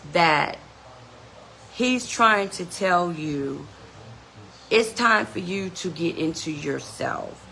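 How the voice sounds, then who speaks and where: A woman's voice: fairly low pitch, creaky, pushed and bright, slight background noise, rough recording. A woman hosting a podcast, giving an earnest, motivational self-help talk and often saying "you know". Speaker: podcast host.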